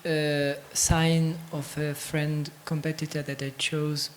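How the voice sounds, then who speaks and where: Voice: mid-range voice, little pitch movement, slow pace, slight background noise. A class participant carefully reading out a practice sentence about feeling hurt.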